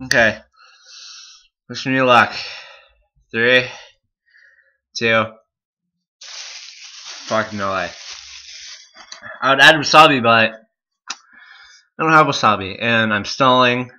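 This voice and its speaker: Young male vlogger, slow-talking and bright-toned, in pain and teary, cursing and laughing. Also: expressive. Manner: swearing, groaning and laughing through a hot sauce challenge; muttering low asides. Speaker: YouTuber. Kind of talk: casual vlog.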